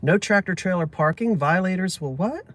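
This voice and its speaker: A man's voice: high voice, animated, normal speed, a bit bright. A man chatting casually on a live stream, joking and answering viewer comments. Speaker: livestream host.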